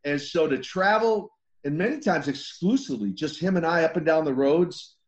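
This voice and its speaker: A man's voice: fairly high pitch, expressive, moderate pace. A man in his sixties, a former wrestler as guest, telling stories animatedly, laughing and restarting his sentences. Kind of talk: casual interview storytelling.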